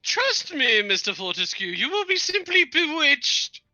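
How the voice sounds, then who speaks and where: A man's voice: extremely high pitch, sing-song, a little slow, pushed and bright, dry recording, muffled recording, heavily acted. A man voicing a grand, self-assured actress woman with an airy diva delivery.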